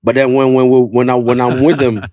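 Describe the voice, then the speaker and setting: A man with a London accent, a barber telling his story in a casual podcast interview, slangy and animated, full of "yeah" and "you know what I mean". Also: medium pitch, a little fast, no echo, studio quality. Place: podcast studio.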